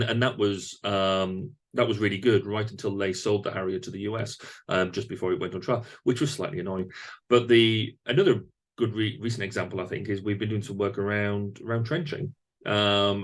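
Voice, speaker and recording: Pitched on the low side, this male podcast host keeps a level tone and a normal pace. He's interviewing someone conversationally, reflecting as he goes and often using fillers or starting sentences over.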